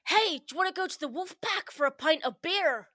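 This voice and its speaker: A woman's voice: extremely high pitch, animated, fairly quick, sharp tone, no room sound, pitched above the performer's own voice, heavily acted. A woman attempting a comic northern English accent that drifts between accents. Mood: playful. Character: clumsy put-on northern English drinker.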